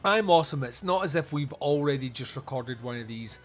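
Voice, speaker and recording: A man's voice: medium pitch, lively intonation, fairly quick, fairly bright tone. A Scottish man hosting a podcast in loose, jokey chat, rambling and laughing often. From Scotland. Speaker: podcast host.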